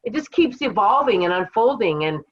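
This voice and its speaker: A woman from Washington State's Kittitas Valley tells her life story as a podcast guest, reflective and unhurried with some fillers. The sound is slightly dull and lo-fi, like a remote call line. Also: medium pitch, very animated, slightly rough. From Kittitas Valley, Washington, USA. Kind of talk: casual interview storytelling.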